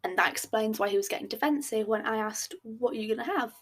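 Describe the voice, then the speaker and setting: A young woman hosting a podcast, telling a date storytime in a blunt, animated way with swearing and acted-out dialogue. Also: on the high side, a little fast. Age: young adult. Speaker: podcast host.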